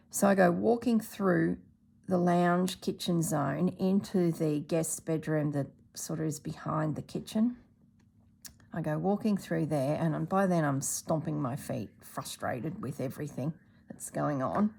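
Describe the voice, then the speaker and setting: A middle-aged woman spins a chatty, animated tale in a casual vlog. Her voice sits fairly low, with a gravelly edge. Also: unhurried. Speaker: embroidery vlogger. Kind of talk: casual storytelling.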